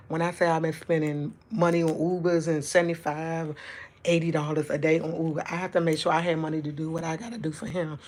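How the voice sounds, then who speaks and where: Livestream host, woman, slightly low voice, casual storyteller who talks fast and wanders off track. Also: gravelly, breathy edge. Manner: fast, rambling talk that jumps around; chatty and animated when retelling events. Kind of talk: casual storytelling to a live audience.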